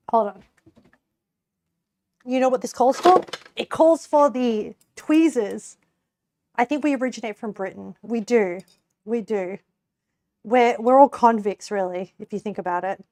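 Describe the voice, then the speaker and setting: Cooking live for her viewers, a young Australian woman chats casually, giggles often, and rambles with lots of "like." She speaks a little high and unhurried with long pauses, in a darkish tone, and there's a slight hiss or hum.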